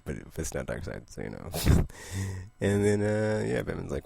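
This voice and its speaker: A man casually recapping a comic book issue, rambling, laughing often and slipping into quick character voices. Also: low-pitched, vocal fry, darkish tone, no room sound. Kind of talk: casual comic review monologue.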